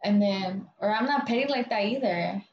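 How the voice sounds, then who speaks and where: A woman's voice: mid-range voice, normal speed, roomy sound. A young woman vents about a coworker in loose, profane casual chat, packed with "like" and "dude". The room rings around her and the sound is dull with a faint hiss. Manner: blunt, profane, full of "like" and "dude"; animated retelling of workplace drama.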